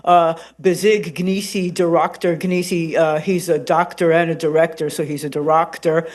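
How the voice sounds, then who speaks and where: A radio host and podcaster, a woman, chatting as a guest in an interview, animated and rambling with plenty of ums and uhs. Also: low-pitched, normal speed. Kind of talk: casual interview chat.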